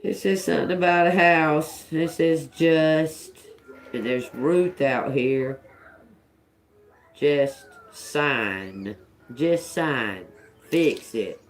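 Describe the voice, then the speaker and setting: A woman's voice: deep voice, very slow, slight background noise. A woman giving a live-stream tarot reading, thinking aloud, repeating single words to herself, blunt and profane, often chuckling. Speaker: tarot reader.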